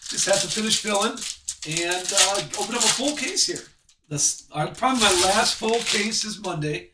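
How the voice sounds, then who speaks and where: A man's voice: sits high, animated, roomy sound, far from the mic, very noisy. A man hosting a live sports card break, chatting with viewers and reading off the cards as he opens packs. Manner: chatty, reads card names off quickly.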